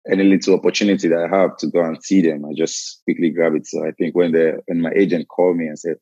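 A young Nigerian man with a Nigerian accent, chatting as a guest over a call in a soft, hesitant way. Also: low-pitched, flat delivery, quick pace, husky, dry recording, muffled recording. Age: young adult. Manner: soft-spoken, hesitant with fillers. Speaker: guest footballer. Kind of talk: casual call-in chat. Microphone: remote call.

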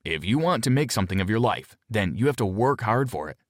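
A man's voice: lowish voice, big pitch swings, fast, dry recording, studio quality. A man playing a stern, lecturing police dad. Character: stern hardworking police officer father.

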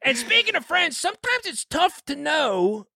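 A high, bright-toned man co-hosting a comedy podcast. His pitch swings widely as he riffs and swears, with a gravelly rasp in his voice. The recording is dry and close-miked. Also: moderate pace, dry recording. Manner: animated, swears freely, slips into silly accents for bits. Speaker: podcast co-host. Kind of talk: casual comedic podcast banter.

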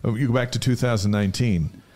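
A man's voice: medium pitch, fast talker. A man co-hosting a studio talk show, prompting the guest with questions. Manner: prompting questions, steady delivery. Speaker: co-host. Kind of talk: casual studio conversation.

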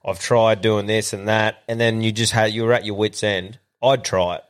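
A man's voice: on the low side, steady tone, normal speed, smooth. An Australian man hosting a podcast, bantering crudely and laughing with his co-host. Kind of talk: casual podcast chat.

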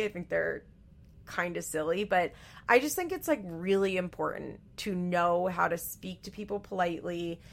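A young adult woman hosts a podcast recapping a reality show, offering blunt, frank and profane commentary in casual chat. Her lowish voice is gravelly yet fairly bright, and she uses frequent fillers.

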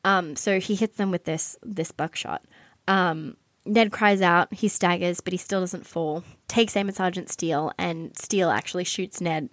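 A woman telling a dramatic story in casual podcast chat, animated, swearing and filling her talk with "like". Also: on the low side, normal speed, no room sound. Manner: animated, swearing, many "like" fillers. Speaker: podcast co-host telling a true crime story.

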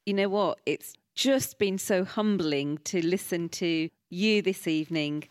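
Low-voiced woman hosting an interview. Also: unhurried, no echo, clean studio sound. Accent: Birmingham English. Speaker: broadcaster hosting an on-stage interview.

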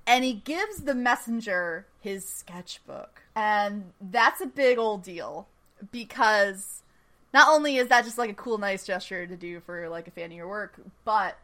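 Bright-voiced woman chatting excitedly. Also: mid-range voice. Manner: chatty and enthusiastic, often laughing, filler-heavy. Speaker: podcast host recapping a TV episode. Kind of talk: casual chat.

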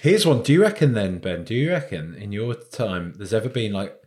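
A man's voice: fairly low pitch, big pitch swings, a little mellow. A young man co-hosting a podcast, trading teasing jokes in casual chat. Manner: teasing banter with quick jokes. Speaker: podcast co-host.

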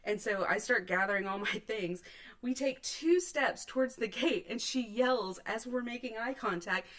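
A woman in her thirties tells a story with big energy, laughing, swearing and acting out the quotes in a loud voice. Her voice sits a little high. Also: normal speed. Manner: swears a lot, laughs often, acts out quotes loudly. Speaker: podcast co-host. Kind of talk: animated storytelling.

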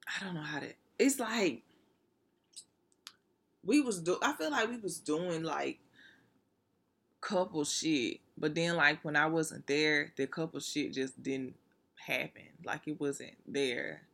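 A woman's voice: sits low, slow, vocal fry, long pauses, fairly bright tone. A woman talking straight to her listeners in a casual, candid monologue, blunt and full of profanity, laughing now and then.

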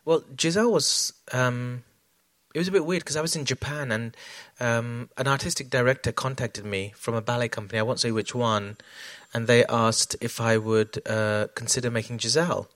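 A man's voice: medium pitch, steady tone, normal speed, fairly bright tone, no echo. A man talking as a choreographer in an onstage conversation, reflective, with many fillers and restarts. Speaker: choreographer guest.

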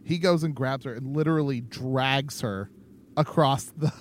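Having had a few drinks, this man co-hosts a podcast, rambling in easygoing chat and laughing frequently. He speaks at a medium pitch and moderate pace, with slight background noise.

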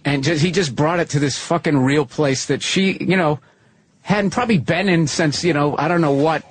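A man in casual podcast chat, telling profane, animated stories. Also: fairly high pitch, moderate pace, slightly rough, no room sound.

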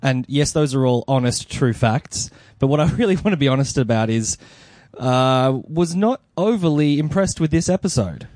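A man's voice: mid-range voice, animated, moderate pace, darkish tone, dry recording, studio quality. A young man hosting a casual podcast, joking and self-deprecating. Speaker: podcast host.

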